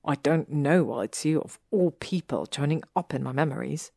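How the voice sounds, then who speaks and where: A woman doing a low, haunted young man. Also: normal speed, gravelly, mellow, husky, no echo, studio quality, exaggerated voice. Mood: haunted urgent. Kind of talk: audiobook reading of fan fiction.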